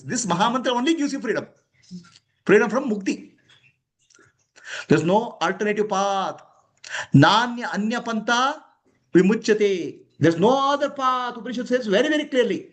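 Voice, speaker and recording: High, lively male teacher. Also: moderate pace, long pauses. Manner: emphatic, questioning, chuckling often. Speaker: spiritual teacher. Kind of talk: spiritual discourse to students.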